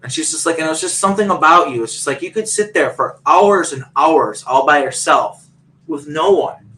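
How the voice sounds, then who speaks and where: A man's voice: on the high side, lively intonation, a little fast, bright, forceful tone, poor audio. A man on a video call telling a long personal story in a rambling way, full of fillers and restarts. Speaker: guest.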